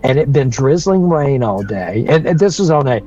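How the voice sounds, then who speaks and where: A man's voice: mid-range voice, sing-song, normal speed, warm tone, highs cut off, faint music behind. A man, telling a story on a livestream in a rambling way, with restarts and chuckles. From North Carolina. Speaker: guest storyteller.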